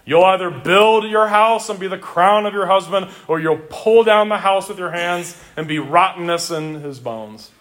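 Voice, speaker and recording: Middle-aged man, pastor preaching a sermon, fairly high voice, earnest, emphatic, repeats phrases. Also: normal speed, hardly any pauses, a bit bright. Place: church.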